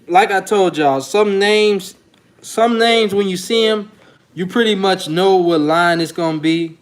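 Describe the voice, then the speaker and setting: A man's voice: high voice, measured pace, clear, resonant tone. A man hosting his dog-breeding channel, talking in loose, slangy, rambling commentary. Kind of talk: casual vlog commentary.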